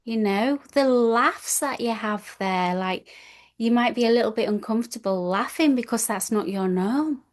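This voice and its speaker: A woman's voice: a little high, normal speed. A woman attending a retreat and sharing her experience in an interview, speaking in a heartfelt, gushing way with many restarts. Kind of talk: reflective interview answers.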